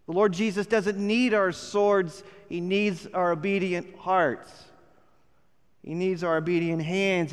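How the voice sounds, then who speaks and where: A man's voice: high-pitched, clear, resonant tone. A man preaching a sermon, telling the story earnestly and rising to emphatic points. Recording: long hall reverb.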